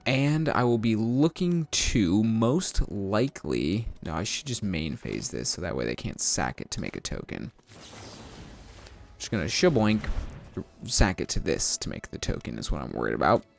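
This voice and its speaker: A man streaming a card game, giving live gameplay commentary while talking to his chat in a self-mocking, animated way. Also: on the low side, moderate pace, vocal fry, slight background noise.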